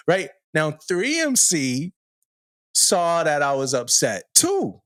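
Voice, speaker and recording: A man's voice: fairly high pitch, huge pitch swings, slow pace, a bit bright, no room sound, studio quality. A man, a podcast co-host, telling a story in a loose, slangy way, often laughing and asking "you know what I mean". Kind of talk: casual storytelling chat.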